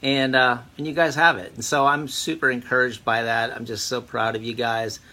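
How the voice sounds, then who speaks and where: A man's voice: mid-range voice, level tone, moderate pace, bright, forceful tone. A man sincerely encouraging a friend in a recorded birthday message. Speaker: friend giving a birthday tribute.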